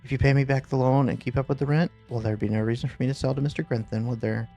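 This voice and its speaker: A man doing a smug landlord in a game with a gravelly, mellow voice, smooth and condescending as he lays out his terms. Quiet music plays behind him. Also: medium pitch, fairly even intonation, rapid-fire. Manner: smooth, condescending, coolly threatening. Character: smug scheming middle-aged male landlord.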